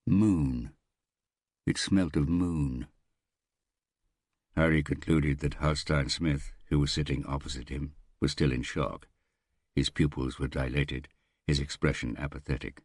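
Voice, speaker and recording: A man reading a thriller audiobook aloud in a measured, unhurried way. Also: very deep voice, steady tone, no room sound, studio quality. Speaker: audiobook narrator. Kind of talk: scripted thriller narration.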